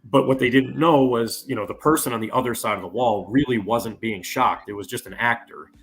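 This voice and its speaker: A man's voice: mid-range voice, a little fast, soft background music. A man guest on a casual podcast, explaining at length and leaning on "you know" fillers.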